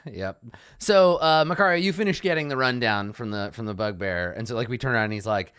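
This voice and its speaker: A relaxed game master narrates a tabletop game in a lively, up-and-down voice, stopping often with fillers. The voice is recorded close and dry. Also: medium pitch, smooth, no room sound. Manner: relaxed, halting, many fillers.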